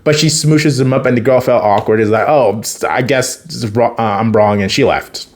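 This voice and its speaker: A man's voice: mid-range voice, normal speed. A man casually retelling a TV episode, chatty, laughing often and acting out the characters' lines. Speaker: TV episode recapper.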